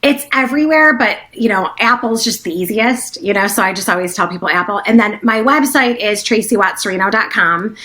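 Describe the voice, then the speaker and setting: A woman business coach talking as a guest in a casual interview, excitable and fast-flowing with lots of "like" fillers. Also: medium pitch.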